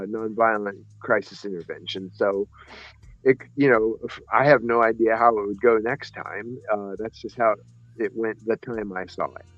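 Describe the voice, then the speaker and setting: A man casually telling a personal story on a podcast, rambling and correcting himself as he goes. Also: medium pitch. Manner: rambling, self-correcting, acts out voices in his stories. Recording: dry, slightly muffled podcast audio.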